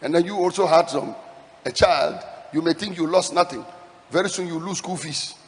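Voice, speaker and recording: A male pastor preaching a sermon, reading scripture aloud with dramatic, slowed emphasis. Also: a little high. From Ghana. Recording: long hall reverb.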